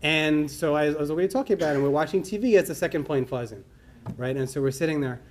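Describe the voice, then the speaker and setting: Fast-talking New man telling a story. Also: a little high, a little hiss or hum. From New York. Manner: animated storyteller acting out dialogue. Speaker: conference speaker. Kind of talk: personal story told to an audience. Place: conference hall.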